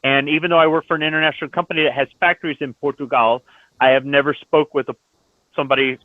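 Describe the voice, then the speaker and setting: A man's voice: on the high side, fairly even intonation, fast, no room sound. A man in casual chat, explaining his opinions at length. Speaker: lobby chat participant. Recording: dry tinny phone-like line.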